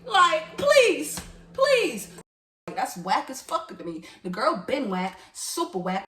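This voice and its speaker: A woman's voice: mid-range voice, big pitch swings, normal speed, fairly bright tone, far from the mic. A woman telling a personal story in a casual, candid storytime vlog, talking straight to her viewers with emotion. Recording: echoey room, voice off-mic.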